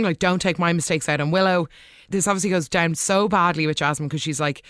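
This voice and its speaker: A woman's voice: lowish voice, a bit bright, clean tone, no echo, clean studio sound. A woman hosting a casual episode recap in a chatty, gushing way, acting out the lines she quotes. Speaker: soap opera recap host.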